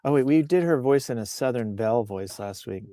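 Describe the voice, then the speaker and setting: A man's voice: medium pitch, animated, fairly quick, mellow, no room sound, studio quality. A man hosting a casual livestream outdoors, joking and riffing as he reads posts and comments aloud. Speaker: livestream host reading posts. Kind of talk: casual live-stream chat. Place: outdoors on a bluff.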